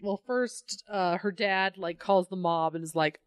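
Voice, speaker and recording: A woman's voice: mid-range voice, a little slow, clean tone. Woman, podcast co-host, casual comic book chat, sarcastic, profane, mocking impressions.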